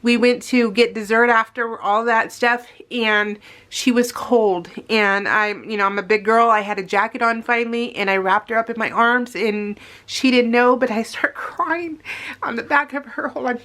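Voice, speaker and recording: A woman's voice: fairly high pitch, fairly even intonation, moderate pace, fairly bright tone. A woman in her forties talking earnestly to her viewers in a rambling, heartfelt way, often calling them "you guys". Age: 40s. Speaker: scrapbooking vlogger. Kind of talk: emotional casual talk to camera.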